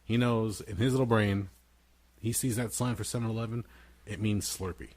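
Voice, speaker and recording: A man co-hosting a casual podcast, telling lively family stories and imitating his young son in a high voice. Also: normal speed. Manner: animated storyteller, acts out his toddler son in a high voice. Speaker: podcast co-host. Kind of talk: casual chat, storytelling.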